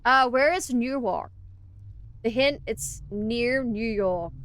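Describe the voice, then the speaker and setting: A woman's voice: a little high, takes it slowly, a bit bright. A young Australian woman streaming a game, chatting playfully with viewers, giggling and sounding out words as she rambles. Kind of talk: casual live-stream chat while gaming.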